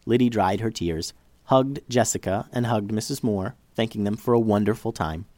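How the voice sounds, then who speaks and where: A man reading a children's story aloud as storyteller, in an expressive way. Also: fairly low pitch, moderate pace, dry recording.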